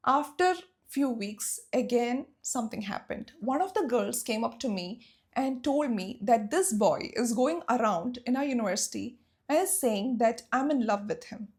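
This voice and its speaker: A woman's voice: a little high, lively intonation, moderate pace, darkish tone. A young woman from Saudi Arabia telling a personal story in a storytime vlog, emotional and emphatic. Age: young adult.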